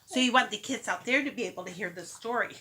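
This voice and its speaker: A woman's voice: mid-range voice, quick pace, pushed and bright, slight background noise. A mother reading a picture book aloud to her toddlers, coaxing and playful, inviting them to join in.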